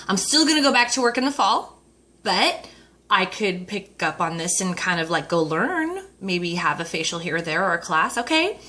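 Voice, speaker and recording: A Mary Kay consultant, an adult woman who mentions her husband and dates herself, tells her personal story to an audience, acting out the voices of the people involved. Her mid-range voice sounds pushed and bright.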